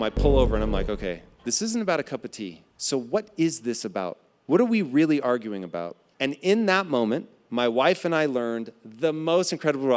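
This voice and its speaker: A man's voice: mid-range voice, in a large hall. A man on a podcast telling a personal story with emphasis, repeating key phrases for effect. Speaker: podcast guest.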